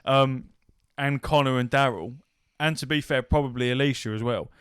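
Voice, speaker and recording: A man in casual podcast chat who teases his co-host and swears freely. His voice is smooth and resonant. It is recorded dry and close. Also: mid-range voice, moderate pace, a bit bright, no room sound.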